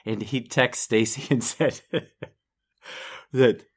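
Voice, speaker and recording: A man's voice: mid-range voice, steady tone, slow pace, husky. A middle-aged man co-hosting a podcast, telling a self-deprecating story in casual chat and laughing often. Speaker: podcast co-host.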